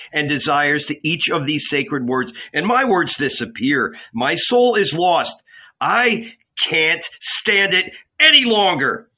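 A man's voice: medium pitch, bright, forceful tone, muffled recording. A man voicing a solemn male spiritual teacher who speaks with grave intensity.

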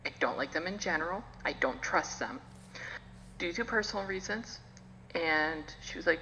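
A woman's voice: fairly low pitch, animated, moderate pace, gravelly, bright, forceful tone. A woman co-hosting a podcast in casual chat, blunt and jokey, laughing often, on a lo-fi recording with reverb. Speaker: podcast co-host. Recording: lo-fi with hall reverb, faint hum.

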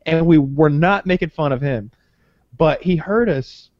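Unhurried and a little high-voiced, this male podcast co-host rambles through a profane, animated story during casual conversation. The recording is dry, with a slightly dull lo-fi quality.

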